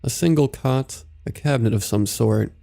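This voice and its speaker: A man narrating scary stories in a slow, even storytelling delivery. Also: mid-range voice, gravelly, soft background music. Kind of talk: scripted horror story narration.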